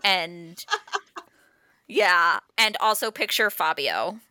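A woman's voice: on the low side, animated, very slow, pushed and bright, clear, resonant tone, no echo, studio quality. A woman co-hosting a book podcast, talking in a joyful, giggly, enthusiastic way. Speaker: podcast co-host. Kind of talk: casual chat.

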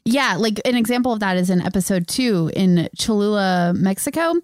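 A woman with a mid-range voice co-hosts a podcast, talking in an animated, emphatic way and laughing easily. The recording is dry and close to the mic. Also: mid-range voice, moderate pace, dry recording. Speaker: podcast co-host. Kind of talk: casual chat.

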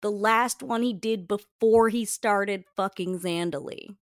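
A woman's voice: mid-range voice, a little slow, no echo, clean studio sound. A woman co-hosting a podcast in casual chat, wry and amused as she lays out her theories. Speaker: podcast co-host.

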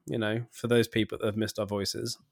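A man's voice: fairly low pitch, level tone, brisk, creaky, no echo, studio quality. A man hosting a podcast in casual chat, rambling and hesitant with many fillers, laughing easily. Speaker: podcast host.

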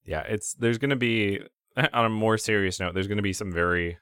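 A man's voice: lowish voice, moderate pace, fairly bright tone, clean tone, no room sound, studio quality. A man co-hosting a gaming podcast in casual chat, rambling with fillers and laughing often. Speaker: podcast co-host.

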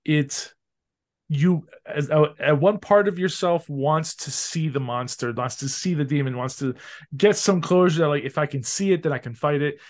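Excitable man, casual podcast chat. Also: a little high, moderate pace. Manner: excitable, swears freely, trails off and restarts. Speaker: podcast host. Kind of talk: casual chat about a film.

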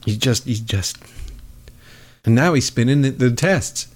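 A podcast host delivers a sarcastic, mocking comedic monologue about politics. His voice is medium in pitch and he speaks at normal speed.

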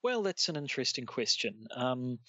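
A man's voice: mid-range voice, sing-song, normal speed, bright, forceful tone, no echo. A man co-hosting a podcast, chatting casually with frequent fillers and restarts. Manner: hesitant, many restarts and fillers. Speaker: podcast co-host. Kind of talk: casual chat.

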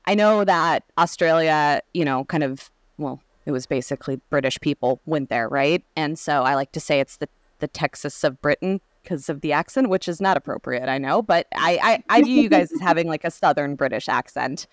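Low-voiced woman, lively chat. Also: normal speed, no room sound, clean studio sound. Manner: animated, laughing, acts out quotes. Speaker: podcast host. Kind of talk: casual chat.

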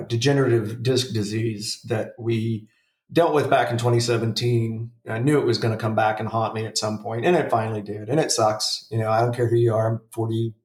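A man's voice: on the low side, fairly even intonation, moderate pace, a little mellow, reverberant, recorded from a distance. A man in his forties, a podcast co-host, chatting casually in a rambling, profane way with lots of fillers and restarts. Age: 40s. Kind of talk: casual chat.

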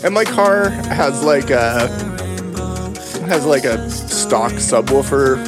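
A man co-hosting a podcast in casual chat, relaxed and restarting his sentences often. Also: medium pitch, takes it slowly, loud music behind the voice. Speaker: podcast engineer and co-host.

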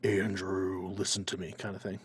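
A man with a fairly low, breathy-edged voice co-hosts a relaxed podcast from home. He talks in an easygoing, earnest way and is quick to find things funny. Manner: laid-back, earnest, easily amused. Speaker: podcast co-host. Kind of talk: casual chat. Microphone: fur-covered podcast microphone.

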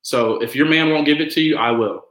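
A man's voice: a little high, a little fast, echoey room, low-quality recording. A man as a podcast guest, chatting casually and acting out quoted lines as he tells stories. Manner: animated storyteller who acts out quotes. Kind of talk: casual conversation.

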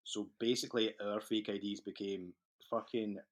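A man's voice: on the low side, fairly even intonation, normal speed. Scottish man telling tales, swearing freely. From Scotland. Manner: swears freely and laughs through his stories. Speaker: podcast guest. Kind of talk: casual storytelling chat.

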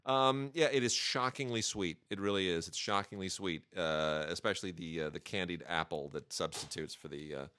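A man's voice: low-pitched, normal speed, few pauses, bright, forceful tone, clean tone, no echo, clean studio sound. A man hosting a podcast, chatting casually and wryly with lots of fillers and restarts. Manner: wry, joking, many fillers and restarts. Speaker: podcast host reviewing home video releases. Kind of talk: casual chat.

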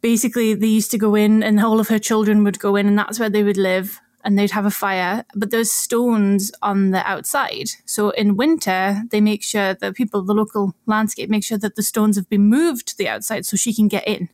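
A woman's voice: mid-range voice, steady tone, moderate pace, hardly any pauses, a little mellow, no room sound. Woman, podcast co-host, casual explaining, laughs often, dry sound. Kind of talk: casual chat.

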